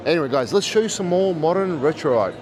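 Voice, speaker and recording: A man's voice: fairly high pitch, expressive, quick pace, music in the background. A man hosting a vlog, walking through an art festival and talking enthusiastically to his viewers. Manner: enthusiastic, talks straight to viewers. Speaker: vlog host. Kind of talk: casual walk-around vlog. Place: busy art festival hall. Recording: crowd noise behind. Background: crowd chatter.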